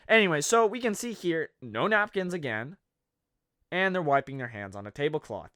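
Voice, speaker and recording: A man's voice: fairly high pitch, lively intonation, normal speed, a bit bright, dry recording, clean studio sound. A man narrating a comedy history video in a sarcastic, jokey way, wandering off into rambling asides. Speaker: video host.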